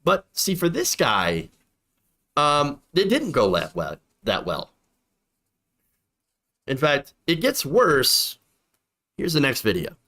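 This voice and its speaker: A man's voice: on the high side, huge pitch swings, slow pace, pauses often, pushed and bright. A man hosting a political commentary show, talking emphatically and repeating points for effect.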